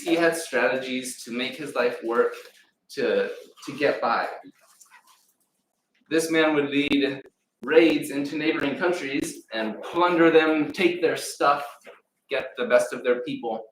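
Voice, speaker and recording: A man preaching a sermon in a church, retelling a story with lively acted-out voices. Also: medium pitch, takes it slowly, a little hiss or hum. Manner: animated storyteller acting out voices. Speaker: pastor. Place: church sanctuary. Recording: echoey room, mic at a distance.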